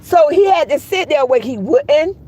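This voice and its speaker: A woman telling a story in casual, animated vlog style, cursing freely and calling her listeners girl and baby. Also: sits high, moderate pace, poor audio.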